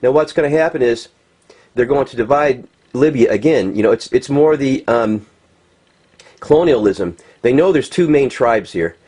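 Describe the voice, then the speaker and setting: Husky agitated American man ranting. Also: medium pitch, animated, normal speed, a little mellow. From United States. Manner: agitated, ranting, many restarts and fillers, swears. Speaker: vlogger. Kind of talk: unscripted commentary over pictures.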